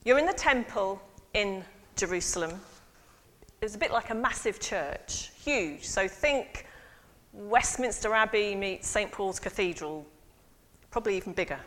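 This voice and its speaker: A woman priest giving a lively sermon and involving her congregation. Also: medium pitch. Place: church. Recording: long church reverb.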